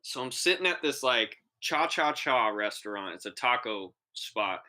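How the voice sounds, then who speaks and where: A man's voice: mid-range voice, unhurried. A young man co-hosting a podcast, telling a long, profane story in casual chat and acting out the voices of the people in it. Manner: animated, profane, acts out quoted voices. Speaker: podcast co-host.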